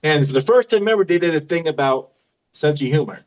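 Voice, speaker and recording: A man's voice: a little high, lively intonation, a little fast, darkish tone, muffled recording. A man in his fifties doing a stand-up comedy set, mocking himself and laughing at his own jokes. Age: 50s.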